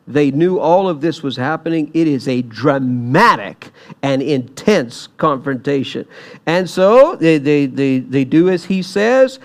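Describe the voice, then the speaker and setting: High-voiced animated preacher man. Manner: animated, acts out quoted lines with rising pitch and volume. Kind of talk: sermon retelling a scripture story.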